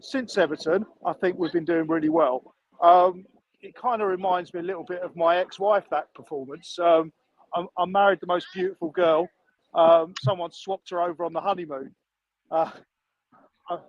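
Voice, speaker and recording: A man's voice: sits high, no room sound, lo-fi sound. A man calling in to a fan show, making dry jokes with hesitant fillers. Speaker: caller. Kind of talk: fan call-in.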